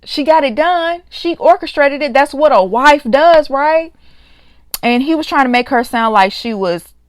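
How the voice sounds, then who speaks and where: A woman's voice: high-pitched, lively intonation, a little slow, dry recording. A woman reviewing a reality show in a casual, exasperated rant, often mimicking the people she talks about. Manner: exasperated, quotes others in mocking voices.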